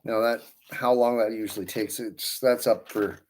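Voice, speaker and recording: In a fairly low voice with fairly even intonation and normal speed, a balloon twister chats casually on his livestream. He greets viewers by name and rambles through friendly asides, working with his hands as he talks.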